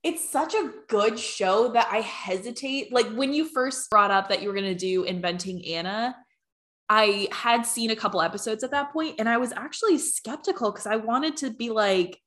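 A woman's voice: on the high side, normal speed, fairly bright tone. A young woman co-hosting a podcast, chatting casually and agreeably with lots of "like" fillers. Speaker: podcast co-host. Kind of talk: casual chat.

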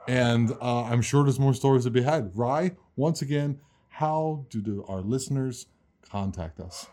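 A man co-hosting a casual podcast chat, joking and teasing his co-host and quick to laugh. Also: medium pitch, mellow.

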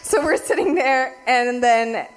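A young woman with a fairly high voice vents to her viewers in a fast, casual story full of "like" and swearing. She laughs often as she talks. Her voice leaps up in pitch and loudness whenever she gets worked up. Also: soft background music. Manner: rapid, laughing, heavy "like" filler and profanity; animated swings in loudness and pitch when ranting. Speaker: vlogger.

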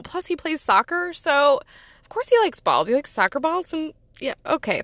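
A woman's voice: high voice, lively intonation, moderate pace, a bit bright, dry recording. Giggly woman in her thirties. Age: 30s. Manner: giggly, rambling, self-deprecating. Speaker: podcast host. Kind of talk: casual personal chat.

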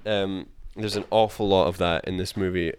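A man's voice: low-pitched, steady tone, normal speed, smooth, dry recording. A man co-hosting a podcast, talking through a film in casual, rambling chat full of "like" fillers and casual swearing. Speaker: podcast co-host.

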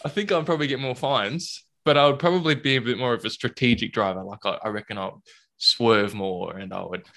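A man's voice: mid-range voice, fairly quick, gravelly, a bit bright. Laughing, jokey man hosting a chat. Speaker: podcast host. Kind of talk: casual chat.

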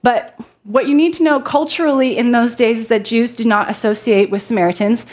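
A woman preaches to a church congregation, her voice sitting a little high. She reads scripture aloud and speaks in a loose, chatty way, joking with the people in front of her. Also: a little fast, a little mellow. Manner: conversational, jokes with the congregation. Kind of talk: sermon with Bible reading.

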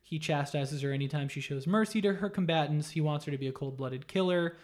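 A man's voice: on the high side, a little fast. A man casually retelling a video game story in a loose, profane way, acting out the characters' lines. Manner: animated, profane storytelling with acted-out quotes.

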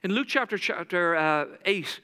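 A man's voice: high-pitched, animated, normal speed, bright, forceful tone, clear, resonant tone, big-room sound. A man preaching a sermon as pastor, telling stories dramatically and acting out the voices of the people in them.

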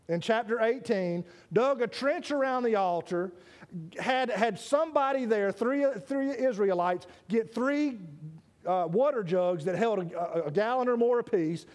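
A male preacher with a strikingly high voice delivers a lively sermon. He talks straight to his congregation, calling people by name and tripping over repeated words as he pushes ahead. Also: measured pace. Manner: animated, speaks directly to listeners by name, stammers on restarts.

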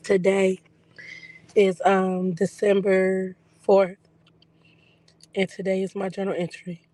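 A woman vlogging a casual video journal, her voice still recovering after being lost for weeks, telling stories in a relaxed, chatty way with plenty of fillers. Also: mid-range voice, slow pace. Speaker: psychic medium vlogger.

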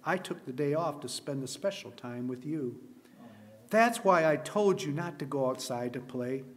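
A man's voice: on the high side, lively intonation, normal speed, natural voice. A man reading as a loving, patient father. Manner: warm, reassuring.

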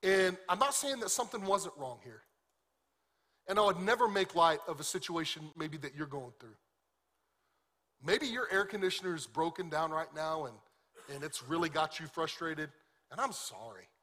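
A male pastor preaches in a loose, animated, conversational way and slips in jokes. His voice sits a little high and sounds bright and forceful. The delivery stays lively and informal throughout. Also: normal speed. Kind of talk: sermon.

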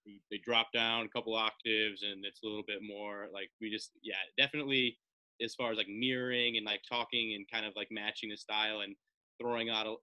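A man hosting a casual conversation, agreeable and halting, often restarting his sentences. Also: fairly low pitch, little pitch movement, sharp tone, no room sound, poor audio.

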